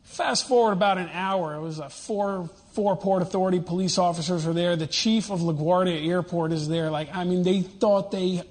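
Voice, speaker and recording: A man from Georgia, interviewed, retelling his experience in an animated, incredulous way with quoted dialogue. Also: sits high, normal speed, hardly any pauses. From Georgia, USA. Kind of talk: casual storytelling in an interview.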